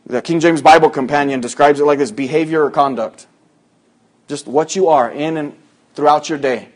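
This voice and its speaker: Preacher, man, high-pitched, conversational sermon with sudden loud acted-out lines.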